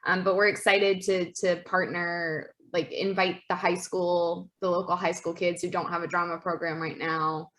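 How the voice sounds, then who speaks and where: A woman's voice: on the low side, little pitch movement, normal speed, hardly any pauses, a bit bright. A woman on a theater committee, talking in a casual group discussion, easygoing and conversational. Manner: conversational, with fillers and restarts.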